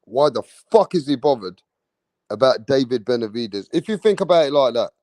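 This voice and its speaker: A man's voice: mid-range voice, expressive, brisk, no room sound. Brash man hyping his livestream. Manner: brash, swearing, slangy, loud hype bursts. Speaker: livestream host. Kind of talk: casual livestream chat reading viewer comments.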